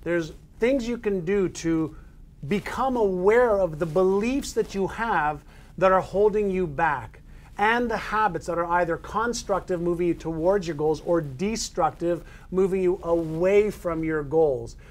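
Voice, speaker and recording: A man hosting a talk, affirming his guest and summing up his points in a relaxed conversational way. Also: high voice, unhurried. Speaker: host. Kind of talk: conversational interview.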